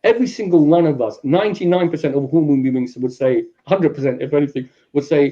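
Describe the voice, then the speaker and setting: London guy lecturing on a podcast, dark mellow voice, slightly dull sound, keeps jumping into little voices for people he quotes. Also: fairly high pitch, brisk. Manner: animated storyteller, acts out quoted people in raised voices. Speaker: guest speaker.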